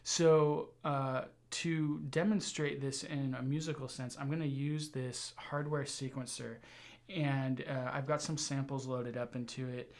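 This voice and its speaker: A man teaching a music tutorial, explaining ideas in a relaxed way with frequent fillers. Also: medium pitch, measured pace. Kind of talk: tutorial lesson.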